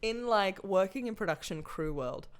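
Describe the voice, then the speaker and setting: A woman co-hosting a book club podcast, chatting casually, swearing freely and telling animated stories. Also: medium pitch, normal speed, clear, resonant tone. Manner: swears freely, animated storytelling, reads passages aloud. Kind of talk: casual chat.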